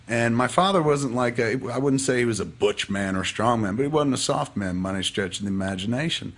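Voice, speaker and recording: A man's voice: mid-range voice, expressive, fast. A man casually telling a personal story as a podcast guest, profane and rambling but heartfelt.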